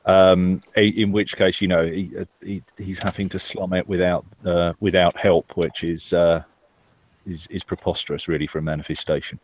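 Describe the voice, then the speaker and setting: A man playing in a tabletop game, talking in a halting, stammering way. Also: deep voice, level tone, a little mellow, slight background noise. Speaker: player. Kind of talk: casual chat at a tabletop game.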